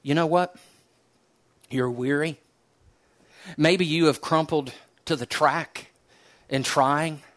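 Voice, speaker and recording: Earnest preacher man, slightly high voice. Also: fairly even intonation, takes it slowly, pauses often. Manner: earnest storytelling preacher, dropping to soft, hushed tones for emphasis. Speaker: pastor. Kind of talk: sermon.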